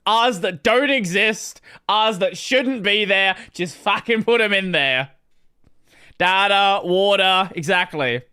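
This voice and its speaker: An Australian man hosting a casual gaming stream, animated and swearing freely as he toys with pronunciations. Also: high-pitched, a little slow, few pauses, clean tone. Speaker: streamer host.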